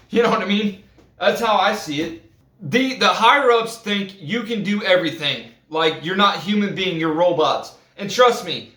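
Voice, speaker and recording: A man ranting casually to the camera, heated and swearing, with many halting restarts. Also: high voice, fairly bright tone. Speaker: vlogger. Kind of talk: casual profane rant. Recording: roomy echo.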